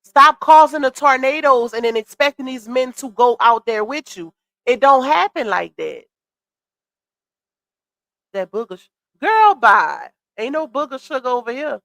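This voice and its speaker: Congested woman, sassy live-stream host, slightly high voice, dry close sound. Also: very animated, unhurried, creaky, long pauses, fairly bright tone, dry recording. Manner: sassy, chatty, greets chat viewers. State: congested with a cold. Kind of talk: casual commentary live stream.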